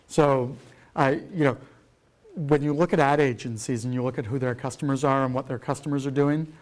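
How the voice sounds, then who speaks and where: A man's voice: medium pitch, a little mellow. Rambling man giving a keynote. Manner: rambling, profane, lots of fillers. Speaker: keynote speaker. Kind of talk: rambling conference talk.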